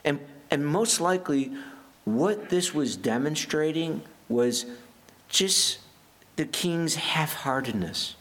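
A man's voice: fairly high pitch, lively intonation, takes it slowly, fairly bright tone. A pastor giving a conversational sermon in an earnest way, often restarting his phrases.

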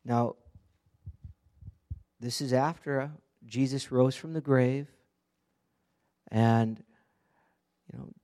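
A man's voice: mid-range voice, fairly even intonation, slow pace, pauses often, mellow. A man preaching an earnest, conversational sermon, often asking the congregation direct questions. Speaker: pastor.

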